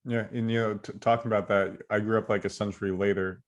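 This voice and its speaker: A man's voice: on the low side, flat delivery, quick pace. A young man from Southern California hosting a podcast, casual and rambling, often correcting himself. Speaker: podcast host. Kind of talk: conversational interview.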